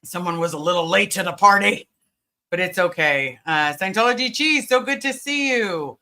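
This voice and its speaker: Bright-voiced woman chatting on a livestream. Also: on the low side, expressive, moderate pace. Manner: greets viewers by name, chatty, many fillers. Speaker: livestream host. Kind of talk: casual livestream chat.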